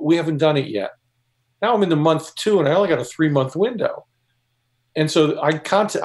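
A man's voice: a little high, darkish tone. Explanatory man on a panel. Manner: explanatory, anecdotal. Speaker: co-author and panelist. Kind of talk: panel discussion.

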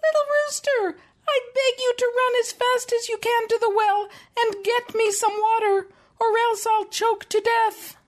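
A woman doing a squeaky, choking little hen. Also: fairly even intonation, measured pace. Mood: pleading. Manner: high, pleading. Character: small female hen, choking and desperate. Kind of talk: storybook reading.

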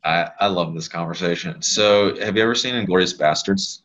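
A man's voice: sits low, a little fast, fairly bright tone, muffled recording. A man in his thirties from Louisiana, a physical therapist guest telling rambling stories in casual podcast chat. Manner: rambling, laid-back storyteller.

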